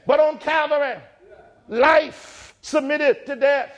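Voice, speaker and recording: A man with a very high voice preaches in a church. He speaks in rhythmic, repeated phrases and climbs from low, thoughtful passages to full shouts. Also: fairly even intonation, slow pace. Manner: rhythmic, building to shouted climaxes. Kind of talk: sermon.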